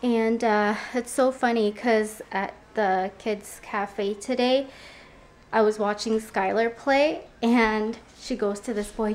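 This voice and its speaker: A woman's voice: a little high, measured pace. A young woman, a mother, chatting casually in a family vlog, telling stories and acting out quotes at home. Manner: chatty storytelling, acts out quotes. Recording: noisy background.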